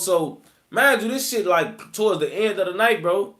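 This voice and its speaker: A man's voice: sits high, sing-song, a little slow, a bit bright. A man, telling his own story in rambling, slang-heavy street talk full of fillers. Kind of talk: casual storytelling.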